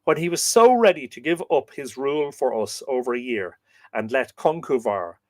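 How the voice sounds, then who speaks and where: A man's voice: medium pitch, expressive, moderate pace, close to an everyday voice. An Irish man voicing a group of grumbling male chieftains from an old Ulster legend.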